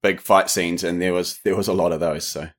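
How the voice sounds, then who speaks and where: A man's voice: sits low, fairly even intonation, brisk. A man from New Zealand with a New Zealand accent, a podcast guest chatting casually and hedging with lots of "sort of". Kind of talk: casual interview chat.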